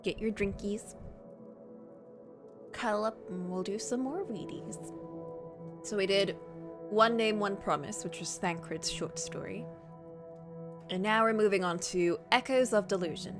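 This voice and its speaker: A woman's voice: mid-range voice, unhurried, pauses often, over music. A woman streamer reading a story aloud in a casual way, with playful, chatty asides.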